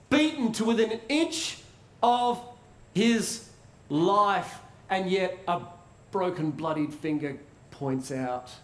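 A man preaching a sermon in a conversational way, asking rhetorical questions and pausing for effect. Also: sits high. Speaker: pastor. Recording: roomy echo.

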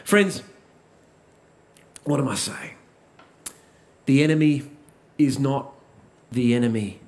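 A man's voice: medium pitch, takes it slowly, darkish tone. A man preaching a sermon, asking rhetorical questions and repeating key lines for emphasis.

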